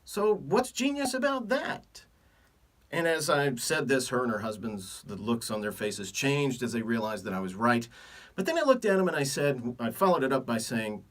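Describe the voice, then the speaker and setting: A middle-aged physician from Texas talks to camera without a script, dropping wry jokes between his points. His pitch swings up and down, and his voice sits a little back from the microphone. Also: very animated, normal speed, far from the mic. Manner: joking, wry asides. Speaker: physician hosting a video series. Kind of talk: unscripted talk to camera.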